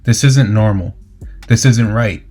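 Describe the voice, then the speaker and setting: A man narrating a comic book story recap in a steady, dramatic scripted delivery. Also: on the low side, a little slow. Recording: faint music underneath.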